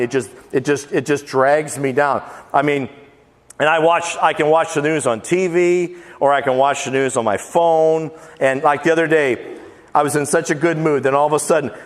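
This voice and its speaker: A male pastor giving a casual, humorous sermon, folksy and joking, rattling off lists with playful emphasis. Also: fairly high pitch. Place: church sanctuary. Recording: long church-hall reverb.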